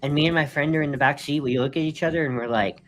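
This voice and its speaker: A man's voice: a little high, fast talker, fairly bright tone. A man co-hosting a live stream, telling a story casually and animatedly, laughing between phrases and leaning on fillers. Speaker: co-host.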